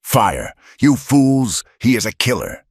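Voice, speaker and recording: A man's voice: very animated, takes it slowly, husky, dry recording, clean studio sound, heavily acted. A man doing Finch, a shrieking frantic villain. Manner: shrill, hysterical accusing.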